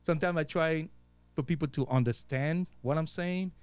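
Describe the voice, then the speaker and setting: With a Virgin Islands accent, a man guest DJs and chats casually in an interview, his voice a little high, clear, and resonant at a normal pace. He's laid-back and slangy, swearing freely and using lots of fillers, with no room sound on the recording.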